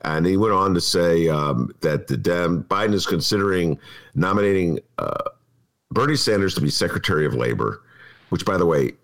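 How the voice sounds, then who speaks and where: A male podcast host with a very deep, gravelly voice. His pitch swings widely as he gives opinionated, animated commentary in a casual conversation. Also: normal speed.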